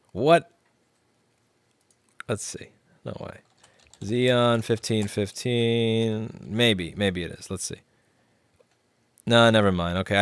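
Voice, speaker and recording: A man's voice: low-pitched, dry recording. A man chatting casually on a livestream in a rambling way, reading chat and cooing at his cat.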